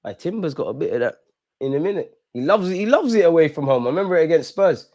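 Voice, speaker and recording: A young man hosting a live football watch-along, animated and talking straight to the players and referee. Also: a little high, quick pace, no echo, clean studio sound.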